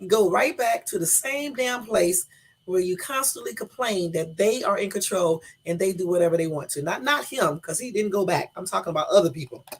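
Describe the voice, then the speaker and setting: A woman's voice: medium pitch, normal speed, slightly rough. A woman hosting a reaction video, talking bluntly and with swearing to her viewers. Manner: blunt, profane, talks to viewers as y'all. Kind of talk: casual reaction commentary.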